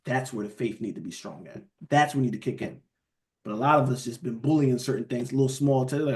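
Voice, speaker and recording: A man leading a Bible study in a casual preaching style, lively and conversational, often calling his listeners "beloved". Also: medium pitch, a little fast.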